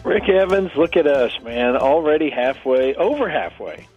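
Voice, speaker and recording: A man from as a regular radio guest, friendly and quick to laugh. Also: on the high side, sing-song, breathy edge, dull audio, faint music behind. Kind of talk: casual radio chat.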